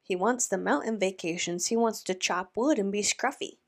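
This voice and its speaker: A woman's voice: medium pitch, normal speed. Chatty woman reacting to a clip. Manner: chatty, incredulous, many fillers and restarts. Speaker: reaction commentator. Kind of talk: casual commentary.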